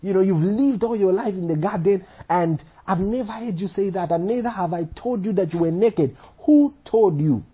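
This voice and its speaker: A man's voice: on the low side, expressive, normal speed, slightly rough, pitched below the performer's own voice. A male preacher voicing God as a stern male deity who presses with probing questions. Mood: stern questioning. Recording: dull lo-fi recording.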